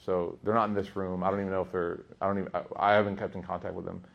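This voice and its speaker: A young man teaching a class, telling stories in a lively way that swings between loud emphasis and hushed asides. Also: low voice, rapid-fire, creaky, highs cut off. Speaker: Islamic teacher. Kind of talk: lively class talk with storytelling.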